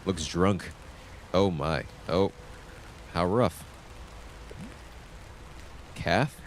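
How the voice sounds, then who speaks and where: A man streaming a story game, casually reading the dialogue aloud and adding quick comments in his own voice. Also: low voice, slight background noise. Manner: lively, reads game lines in his own voice with quick asides.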